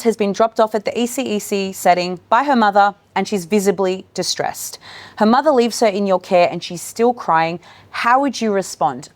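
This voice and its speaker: A woman presenting a live training workshop for educators, speaking in an encouraging way to people in the room and online. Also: mid-range voice. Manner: warm, encouraging, addresses room and online audience. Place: meeting room with in-person and online attendees.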